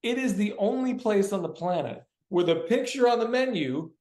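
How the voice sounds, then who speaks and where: A male actor telling travel stories as a guest on a video-call interview, animated and full of slang. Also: high-pitched, normal speed, echoey room. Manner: animated, laughing, dude-and-bro slang. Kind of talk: casual storytelling interview.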